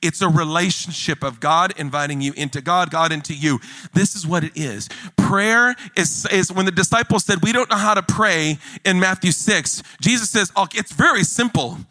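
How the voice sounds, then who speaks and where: Male pastor with a high, bright voice, animated jokey sermon delivery, dry close sound. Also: normal speed, dry recording. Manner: animated, jokey preaching with rising emphasis.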